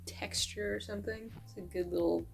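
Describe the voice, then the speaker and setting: A woman's voice: medium pitch, fairly even intonation, fairly quick, creaky, faint music behind. A woman chatting casually in a vlog, rambling and self-deprecating, often a bit out of breath. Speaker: vlogger. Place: at home crafting, later outdoors on a walk.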